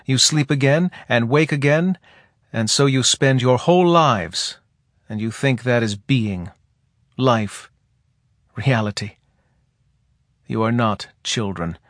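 A man voicing a calm, grave alien native leader who speaks softly with a slight singing lilt. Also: mid-range voice, no room sound, studio quality, close to an everyday voice. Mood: solemn. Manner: soft, measured, faintly singing speech. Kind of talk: audiobook character reading.

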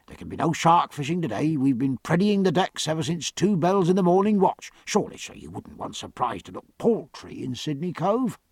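A man's voice: medium pitch, very animated, fast, gravelly, few pauses, slightly rough, dry recording, studio quality, heavily acted. A man voicing a firm, grave young naval lieutenant who speaks with polite respect.

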